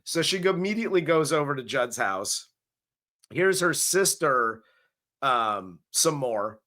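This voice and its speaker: A man's voice: mid-range voice, expressive, measured pace, bright, forceful tone. A man co-hosting a casual comedic movie review, recapping the plot crudely and laughing along. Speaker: podcast co-host.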